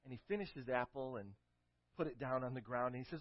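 A man's voice: medium pitch, quick pace, no room sound. Man preaching a storytelling sermon. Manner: storytelling with emphatic build-ups, then quiet and prayerful. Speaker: pastor. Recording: dull lo-fi recording.

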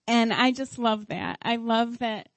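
A woman's voice: fairly high pitch, unhurried, dry recording, poor audio. A middle-aged woman giving a heartfelt sermon at a church service. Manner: heartfelt, tearful at times.

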